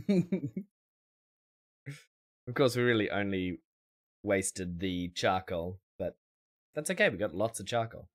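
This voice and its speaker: A man's voice: on the low side, very animated, slow pace, long pauses. A man streaming a survival game, rambling in a wry way and chatting with his viewers. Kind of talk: casual gameplay commentary.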